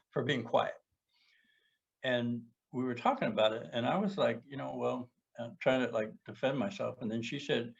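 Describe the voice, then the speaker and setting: Middle-aged guy, gravelly voice, earnest, stumbles over his words a lot, dull lo-fi podcast sound. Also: medium pitch. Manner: earnest, halting, repeats words when searching for thoughts. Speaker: podcast co-host sharing personal experience. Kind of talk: reflective casual conversation. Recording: muffled lo-fi podcast audio.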